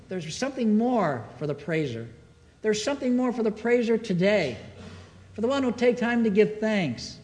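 Male pastor, expressive sermon delivery, higher voice with wide swings, long church-hall reverb. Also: moderate pace. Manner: expressive preaching, call-and-response questions to the congregation. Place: church sanctuary.

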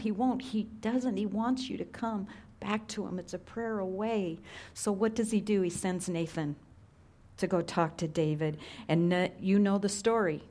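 Brief: middle-aged woman pastor, lower voice, chatty and earnest, goes quiet for weight. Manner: conversational, earnest, drops to hushed tones for emphasis. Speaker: preacher. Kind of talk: sermon.

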